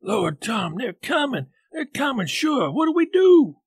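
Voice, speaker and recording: Scared backwoods boy read by a man, high and shaky, strained rustic whisper. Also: expressive, normal speed, fairly bright tone, husky, no room sound, heavily acted. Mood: terrified. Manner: frightened whispering in rural dialect.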